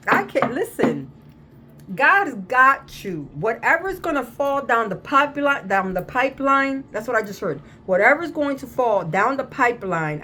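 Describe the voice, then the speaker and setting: A woman reads tarot in an easygoing, repetitive way, circling back to the same point again and again with emphatic reassurance. Her voice sits at a middle pitch, and her throat sounds slightly scratchy. A faint hum of noise runs under the recording. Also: a bit bright. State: slightly irritated throat, coughing at times. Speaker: tarot reader. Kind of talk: casual tarot reading to camera.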